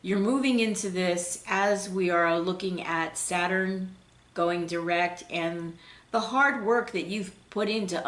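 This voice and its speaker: Low-pitched woman reading tarot cards. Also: roomy sound, a little hiss or hum. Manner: gentle, flowing, with fillers and restarts. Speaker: intuitive tarot reader. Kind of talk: unscripted spiritual card reading.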